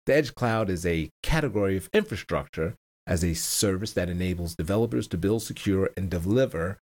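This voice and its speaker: A man's voice: low voice, animated, fairly quick, a little mellow. A man hosting a casual stock-trading video, talking over his screen in a rambling way, often repeating words, backtracking and chuckling between points. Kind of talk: casual screen-share market commentary.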